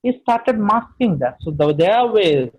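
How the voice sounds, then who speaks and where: A man's voice: sits high, very animated, moderate pace, poor audio. A middle-aged man with an Indian English accent, giving an online training session on speaking, emphatic and full of "you know" fillers.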